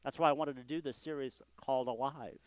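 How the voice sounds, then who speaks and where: Male pastor preaching in a sanctuary, smooth clear tone, dry close sound, easygoing and self-deprecating. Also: medium pitch, steady tone, fairly quick, dry recording. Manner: conversational, self-deprecating, frequent restarts. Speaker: senior pastor. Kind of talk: sermon. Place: church sanctuary.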